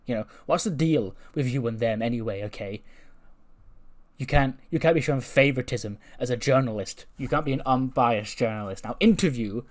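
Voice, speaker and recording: A man's voice: medium pitch, lightly acted. A man voicing a brash, cocky male wrestler who sneers at a reporter and threatens her.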